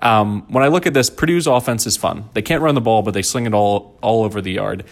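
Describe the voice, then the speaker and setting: A man's voice: on the low side, a little fast. A man hosting a casual sports betting podcast, talking in a jokey, rambling way. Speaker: podcast host.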